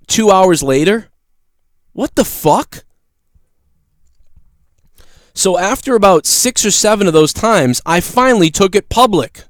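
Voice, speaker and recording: Male livestream host, swears a lot, animated, higher voice, clean and dry. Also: normal speed, no echo. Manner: profane, animated storyteller. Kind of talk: casual ranting livestream chat.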